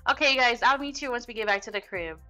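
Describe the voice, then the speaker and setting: Bright, chatty young woman gamer. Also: on the high side, fast, faint music behind. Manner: chatty and slangy, talks straight to viewers. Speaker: gaming video host. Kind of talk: casual gameplay commentary.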